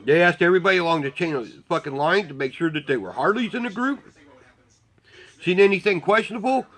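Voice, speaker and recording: A man's voice: sits high, animated, quick pace, a bit bright, rough recording. A man telling a story in a casual, rambling way, blunt and heavily profane. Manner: rambling with restarts. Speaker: volunteer motorcycle parade marshal.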